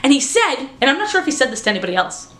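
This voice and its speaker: Young woman vlogger, bubbly chatter with a bright, slightly high voice in an echoey room. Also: rapid-fire. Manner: chatty, excitable, peppered with "like". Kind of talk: casual vlog recap. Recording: roomy echo.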